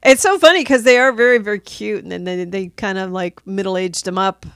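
A woman co-hosts a podcast, chatting casually about a movie and laughing often. Her medium-pitched voice is brisk, fairly bright, clear and resonant, recorded at studio quality with no room sound.

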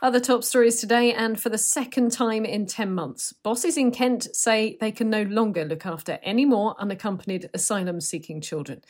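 A woman presenting a local news bulletin in a crisp, measured read. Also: medium pitch, a little mellow. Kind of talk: scripted news reading.

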